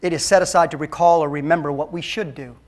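A man preaching a sermon as a pastor, emphatic and swinging between loud and hushed. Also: on the high side, steady tone, quick pace.

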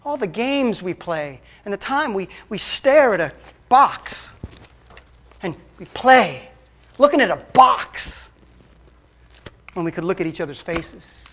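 High-voiced man preaching a sermon. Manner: emphatic preaching that swings between loud and hushed. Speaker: pastor.

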